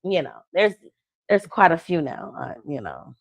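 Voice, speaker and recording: A woman who is a love coach and podcast host, chatting casually, telling lively stories and acting out the people she quotes, with slangy talk. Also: low voice, unhurried, no room sound. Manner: animated storytelling, acts out quoted people; slangy, conversational.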